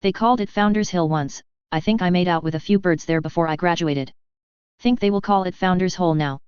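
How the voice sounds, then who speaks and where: Even-toned woman reading a story. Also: on the low side, a little fast, smooth, no echo. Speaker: narrator. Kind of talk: fan fiction audiobook reading. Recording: dull dry lo-fi audio.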